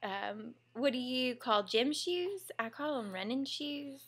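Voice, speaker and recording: Chatty Southern young mom. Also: female voice, high voice, slow pace, a bit bright. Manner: chatty and giggly, drawling asides. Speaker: mom vlogger, former teacher. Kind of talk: casual home vlog, reading a word list.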